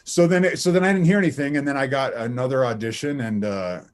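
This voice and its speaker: A man in his thirties, a voice actor being interviewed, who tells anecdotes in a lively, laughing, casual way. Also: mid-range voice, fast. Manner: animated, anecdotal, laughs often, many restarts. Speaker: voice actor guest.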